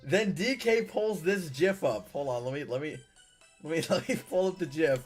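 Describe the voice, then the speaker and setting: A man reads viewer-submitted stories on a live stream, his voice pitched high and swinging widely from phrase to phrase. He keeps dissolving into laughter and firing off mock-indignant protests. Soft music plays faintly underneath. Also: animated, normal speed. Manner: breaks into laughter and mock-indignant outbursts while reading.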